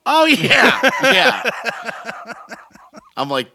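Animated, profane man telling stories. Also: fairly high pitch, a little fast. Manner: profane, animated ranting storytelling. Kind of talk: casual chat.

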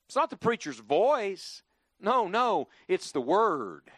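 A man's voice: sits high, big pitch swings, slow pace, fairly bright tone, breathy edge, dry recording, clean studio sound. A man preaching a sermon to a church congregation, swinging his voice up and down for emphasis and leading the crowd in call-and-response.

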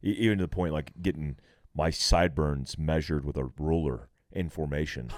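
A middle-aged man with a very deep voice tells his stories bluntly and with plenty of swearing. He sounds animated as he talks on a podcast. The recording is close and dry, with no room sound. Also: moderate pace, no echo. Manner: animated, profane storytelling. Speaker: guest, military veteran. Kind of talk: casual podcast conversation.

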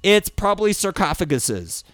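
A man's voice: big pitch swings, normal speed, fairly bright tone, no room sound. A man hosting a show, delivering an exasperated, profane ranting monologue and slipping into mocking impressions. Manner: exasperated, swearing, with mocking high-pitched impressions. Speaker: podcast host.

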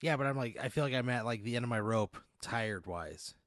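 A man playing along in an improvised comic story, with incredulous, profane deadpan reactions. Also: medium pitch, fairly quick, no echo, studio quality. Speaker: player. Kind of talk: improvised comedic play.

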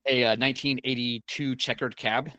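A man's voice: mid-range voice, fairly even intonation, moderate pace, bright, forceful tone, no echo, lo-fi sound. A man telling a long story in casual chat, rambling with many fillers and restarts and the odd swear word.

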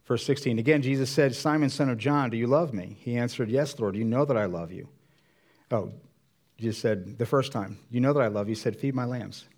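A man's voice: mid-range voice, brisk, a little mellow. Man preaching a conversational sermon. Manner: conversational preaching, acts out Bible dialogue in voices. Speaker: pastor.

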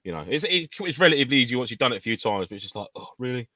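A man's voice: mid-range voice, sing-song, racing, pushed and bright, no room sound, clean studio sound. A man co-hosting a casual live stream, chatty and jokey, with frequent laughter. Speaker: co-host of a live airsoft stream. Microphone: in-ear monitor or earpiece.

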